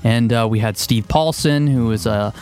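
A man's voice: medium pitch, moderate pace, a little mellow. A man hosting a podcast, chatting casually with many fillers and frequent laughs. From Texas. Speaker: podcast host.

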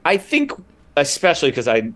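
A man's voice: a little high, wildly swooping pitch, normal speed, a bit bright. A man guesting on a podcast, chatting casually and enthusiastically with lots of filler words, his thoughts running on. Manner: rambling, enthusiastic, many "like" fillers. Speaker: guest, writer and comedian.

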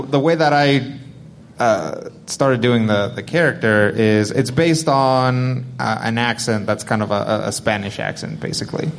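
A man's voice: medium pitch, a little hiss or hum. A man, the game master of a live-play show, answering fan questions on a convention panel in a rambling, chuckling way, full of fillers.

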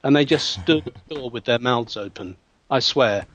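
A man, a hypnotherapist telling a client story in an interview, lively and acting out voices with frequent restarts. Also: mid-range voice, moderate pace. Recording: dull, dry sound.

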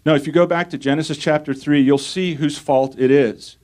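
A man's voice: on the high side, steady tone, a little fast, a little mellow. A male pastor preaching a sermon, reading scripture aloud and putting rhetorical questions to his congregation.

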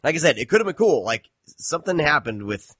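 A man's voice: a little high, big pitch swings, fast talker, a bit bright, breathy edge, no room sound, studio quality. A man hosting a podcast, chatting casually in a rambling, profane, self-deprecating way. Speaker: podcast host. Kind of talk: casual chat.

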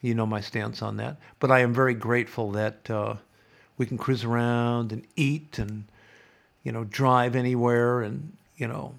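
Gravelly-voiced man hosting a podcast. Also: mid-range voice, steady tone, moderate pace. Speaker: podcast host. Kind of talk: casual podcast chat.

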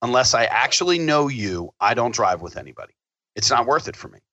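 Man, casual storyteller, swears freely and acts out quotes, bright forceful voice, dry sound. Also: mid-range voice, brisk, no echo. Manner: profane, animated storyteller acting out quotes.

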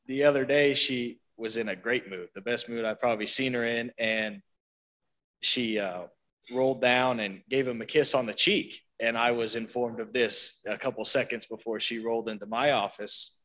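A man's voice: medium pitch, sharp tone. A staff member at a senior home tells a story on a panel, chatty and lightly humorous. He is a man with a mid-range voice. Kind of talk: panel interview.

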